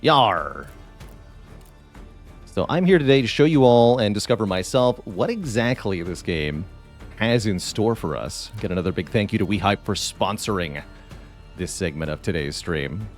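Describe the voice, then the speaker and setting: A man's voice: lowish voice, expressive, moderate pace, darkish tone, soft background music. A man giving casual live-stream commentary on a game, chatty and thinking aloud as he plays.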